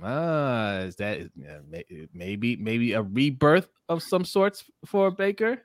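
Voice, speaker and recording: A man's voice: mid-range voice, slow, no echo, clean studio sound. A man co-hosting a sports livestream, reading viewer comments aloud and greeting each one by name, with frequent laughs. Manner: animated, greets chat by name, laughs often.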